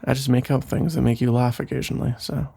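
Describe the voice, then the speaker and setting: Brief: gravelly, husky rambling boyfriend, played by a man, soft sleepy whispered role-play. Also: medium pitch, little pitch movement, fast talker. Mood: teasing. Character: caring, rambling boyfriend putting partner to bed. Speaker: ASMR role-play creator.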